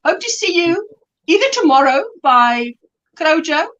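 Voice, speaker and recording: A middle-aged South African woman hosts a casual livestream chat, telling animated stories and laughing often. Her voice is high and moves at a moderate pace, though the recording sounds muffled.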